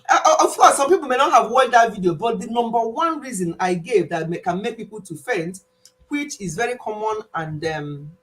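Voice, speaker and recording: A woman, hosting a casual live stream quiz and playfully scolding a viewer in a chatty way. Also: mid-range voice. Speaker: livestream host.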